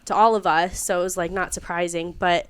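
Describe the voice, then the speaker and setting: A woman in her thirties, a guest on a casual chat show, telling animated stories, laughing often and acting out what people said. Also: fairly low pitch, fairly quick, clean tone. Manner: animated storyteller, laughs often, acts out quotes.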